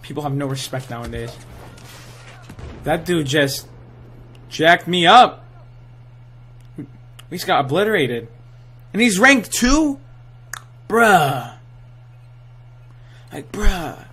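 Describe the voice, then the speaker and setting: A young man giving excitable, trash-talking live commentary over his own gameplay, full of gamer slang. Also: a little high, slow pace, long pauses, slightly rough. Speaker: gaming channel host.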